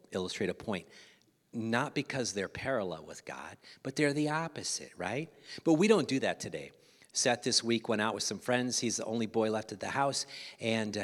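A middle-aged pastor with a lowish voice preaches a sermon with animation, swinging from loud emphasis to hushed, almost whispered asides. Church hall reverb colors the recording.

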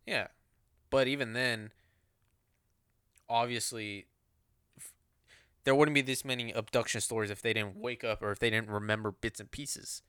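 A man's voice: mid-range voice, steady tone, normal speed, long pauses, a bit bright, smooth, dry recording, studio quality. A man co-hosting a podcast, swearing freely as he speculates in loose casual chat.

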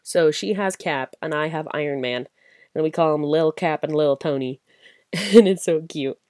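On her own late-night podcast, a tired young woman chats about what she's a fan of, rambling happily and giggling along the way. Her voice sits low with a darkish tone at a moderate pace, and the recording is dry and clean, like a studio.

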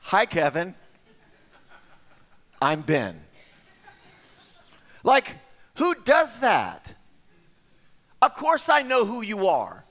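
Middle-aged guy preaching, pretty high voice, animated storytelling, long hall echo. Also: very slow, pauses often. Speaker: pastor. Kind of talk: sermon. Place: church sanctuary.

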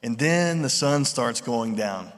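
Conversational pastor in a reverberant hall. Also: male voice, mid-range voice, slow. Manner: conversational, animated retellings with voiced quotes. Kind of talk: sermon. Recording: long reverb of a large hall.

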